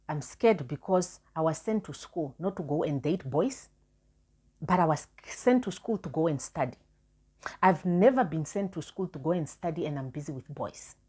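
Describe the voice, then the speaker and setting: Woman vlogger, low husky voice, candid and repetitive storytelling. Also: a little mellow. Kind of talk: personal storytelling.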